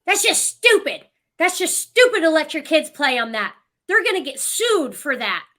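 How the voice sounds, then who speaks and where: A woman mimicking a rude, angry woman stranger who sneers loudly as she retells a story. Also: fairly high pitch, lively intonation, drawn-out words, heavily acted. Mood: scornful.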